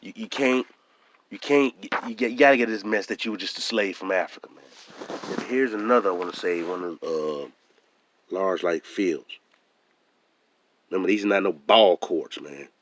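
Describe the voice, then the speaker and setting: A man with a hoarse voice, talking emphatically and repeating himself in a casual vlog monologue. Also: low voice, moderate pace, pauses often, slight background noise. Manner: emphatic and repetitive, often restarting phrases. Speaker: vlogger.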